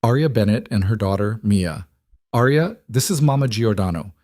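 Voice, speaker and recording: A man voicing a calm, assured mafia boss with a dry, amused manner in an audiobook. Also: on the low side, normal speed, no room sound, lightly acted. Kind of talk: audiobook character voice.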